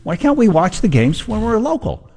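A man briefly imitating an indignant male TV pundit, his voice jumping high in mock outrage. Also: very animated, normal speed, darkish tone, in a large hall, full character voice.

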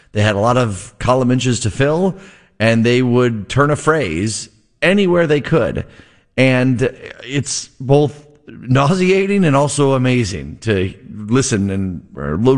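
A man filling in as radio host, chatting casually in an amused, self-correcting way. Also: on the low side.

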